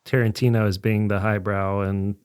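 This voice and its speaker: Male co-host, low voice, dry close sound, short wry quips. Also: flat delivery, normal speed, clean tone, no room sound. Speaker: podcast co-host. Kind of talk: casual movie-review chat.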